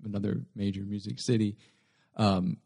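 A man's voice: lowish voice, little pitch movement, normal speed, creaky, dark tone, breathy edge. A young adult man, a guest comedian, telling a rambling story in a casual interview and often correcting himself mid-sentence.

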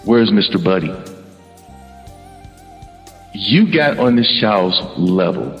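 A man hosting a podcast panel, praising his guests warmly and stumbling over repeated words. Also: lowish voice, lively intonation, slow pace, in a large hall, lo-fi sound, soft background music. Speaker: podcast host. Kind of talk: emotional panel introduction.

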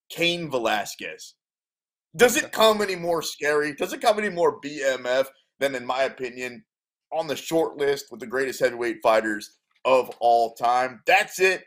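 Male sports radio host, mid pitch, emphatic and hyped, sells every pick. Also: lively intonation, normal speed, a bit bright. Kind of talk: casual sports radio banter.

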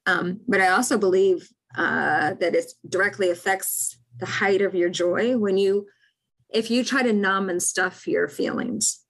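A woman's voice: medium pitch, measured pace, creaky, fairly bright tone, poor audio. A woman speaking as a podcast guest, talking in a reflective, earnest way. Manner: reflective, earnest, with many fillers. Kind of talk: casual podcast conversation.

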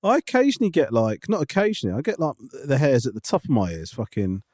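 A man's voice: medium pitch, huge pitch swings, darkish tone, no echo. Guy cohosting a chat podcast, swears a lot, gets worked up, voice swings all over, dry close sound. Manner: indignant, swears freely, quick-witted. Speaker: podcast co-host. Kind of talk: casual chat.

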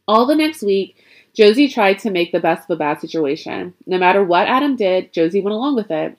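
A woman reading a spooky story aloud, expressive and chatty, adding her own asides along the way. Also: medium pitch, a little fast.

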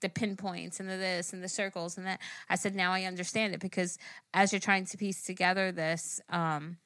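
A woman's voice: lowish voice, little pitch movement, normal speed, fairly bright tone, no echo. A young woman co-hosting a podcast, chatting in a laid-back way about things she has tried. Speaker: podcast co-host. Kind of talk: casual chat.

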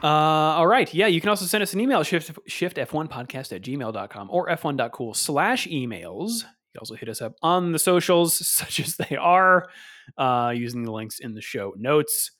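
A man's voice: a little high, lively intonation, normal speed, a bit bright. A man co-hosting a podcast in casual chat, playful and laughing, stumbling over hard names. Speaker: podcast co-host.

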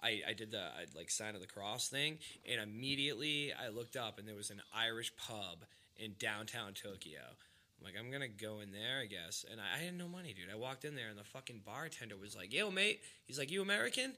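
Bright-voiced man telling a rambling story. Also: lowish voice, expressive, a little fast. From Massachusetts, US. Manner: rambling, profane, fillers like "like" and "dude". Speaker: podcast host. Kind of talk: casual storytelling chat.

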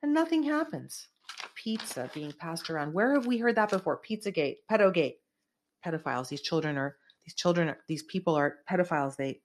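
A middle-aged woman from California talks through her online show in a rambling, emphatic monologue, jumping between points with many asides. Her voice sits somewhat low. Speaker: host of an online commentary show. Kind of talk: casual political commentary monologue.

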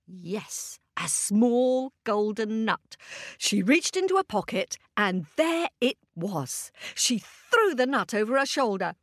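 Children's storyteller, woman: lively, unhurried, playful sound effects, questions to the kids. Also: fairly high pitch, no echo, clean studio sound. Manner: animated, asks listeners questions, makes sound effects.

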